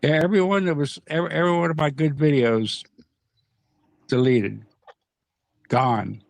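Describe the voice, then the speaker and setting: A man chatting casually on a streamed panel call, halting and repeating his words, laughing often. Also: a little high, vocal fry, dry recording. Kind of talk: casual chat. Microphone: video call.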